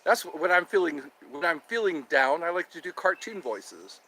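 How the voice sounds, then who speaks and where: A man's voice: fairly high pitch, very animated, normal speed, pushed and bright, slightly rough. A man hosting his own show in a playful, rambling monologue, goofing around between topics. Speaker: host.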